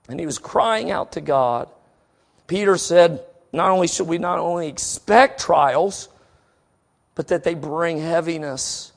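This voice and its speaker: A middle-aged man preaching a sermon, swinging from soft, slow passages to emphatic exhortation, and reading scripture aloud deliberately. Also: fairly high pitch, vocal fry. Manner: reads scripture aloud slowly.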